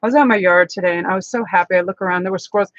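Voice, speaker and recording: A woman in her forties doing a live tarot reading from home, chatty and excitable, rambling and gushing at viewers as she goes. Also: lowish voice, very fast, no room sound. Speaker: tarot reader. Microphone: camera on a tripod. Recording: dry, slightly dull sound.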